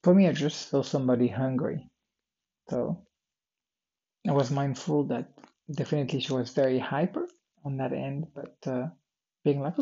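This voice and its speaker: A man rambles through a daily audio diary, tired and yawning, wandering from topic to topic with plenty of fillers and false starts. His voice is gravelly and a little husky, at a middling pitch. The recording sounds slightly muffled and lo-fi. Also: moderate pace, pauses often, mellow. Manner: meandering, many fillers and restarts, drifts off topic. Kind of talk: rambling personal diary talk.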